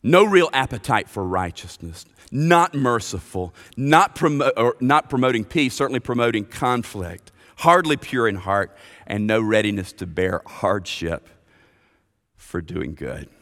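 A male pastor delivers a sermon at an unhurried pace, leaning hard on key words and at times dropping to a hushed tone. His voice rings out with a long reverb around it, as in a church sanctuary. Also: fairly low pitch, lively intonation. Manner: emphatic preaching, stresses key words, drops to hushed tones.

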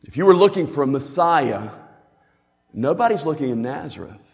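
A man's voice: a little high, big pitch swings, normal speed, creaky. A man preaching a sermon as a pastor, earnest and emphatic in a teaching way. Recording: long hall reverb.

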